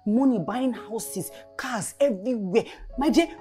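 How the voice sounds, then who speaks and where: Nollywood drama: actress as a dismissive, demanding Nigerian girlfriend, fairly high voice, soft music behind. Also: a little slow, close to an everyday voice. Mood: scolding. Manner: scolding, dismissive. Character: scornful young woman, demanding money from her boyfriend. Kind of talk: Nollywood film acting.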